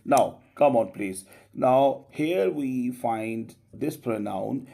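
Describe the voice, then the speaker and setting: Slow, gravelly-voiced male pronunciation teacher. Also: medium pitch, background noise. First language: Urdu. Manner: slow, drawn-out modeling of sounds, coaxing students with "come on, please". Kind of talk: classroom pronunciation lesson.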